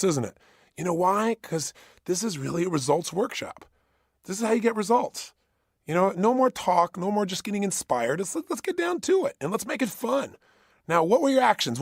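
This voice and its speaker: A man speaks in a high-pitched, rough-edged voice, delivering a motivational workshop talk. He is punchy and insistent, driving points home through repetition. The sound is close and dry, with no room echo. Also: big pitch swings, a little fast. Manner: emphatic, punchy, repeats key phrases.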